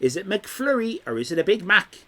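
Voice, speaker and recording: A man's voice: high voice, sing-song, brisk, a bit bright. A young Irish man hosting a quiz on a live stream. He is chatty and teasing as he reads chat messages aloud.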